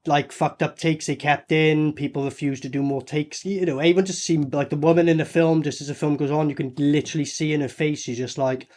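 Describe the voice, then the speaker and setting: A man's voice: on the high side, darkish tone. A man reviewing a movie in sarcastic, mocking commentary full of swearing. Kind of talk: profane commentary over film clips.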